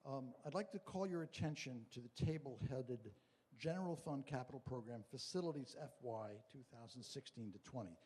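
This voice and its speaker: A man's voice: mid-range voice, darkish tone, breathy edge. Man arguing in an echoey meeting hall. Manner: measured, deliberate, argumentative. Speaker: town meeting member speaking from the floor. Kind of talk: formal public statement. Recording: long hall reverb.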